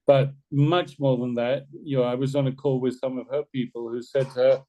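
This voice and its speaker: A man's voice: mid-range voice, fairly even intonation, moderate pace, few pauses, mellow, low-quality recording. A man leading an orientation video call, talking loosely and persuasively, often repeating his words. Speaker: team leader on an orientation call. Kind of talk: casual persuasive talk.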